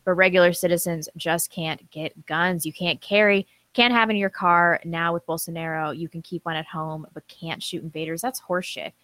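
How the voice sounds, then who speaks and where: A woman's voice: on the low side, steady tone, normal speed, hardly any pauses, fairly bright tone, dry recording. A woman co-hosting a live-stream talk show, reading viewer comments aloud and chatting casually. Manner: reads superchats aloud, chatty with fillers.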